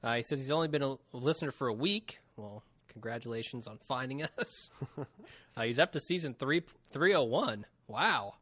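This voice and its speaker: Guy on a podcast reading out fan mail, bright voice, dry close sound, laughs a lot. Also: medium pitch, moderate pace, no room sound. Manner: reads emails aloud, laughs often. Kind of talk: casual podcast chat.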